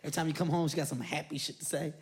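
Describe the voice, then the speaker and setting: A young man doing an animated, profane stand-up routine on stage in front of a live audience. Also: a little high, racing, a faint crowd. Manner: animated, loud and profane, jumps into voices. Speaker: stand-up comedian. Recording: live comedy club with audience noise.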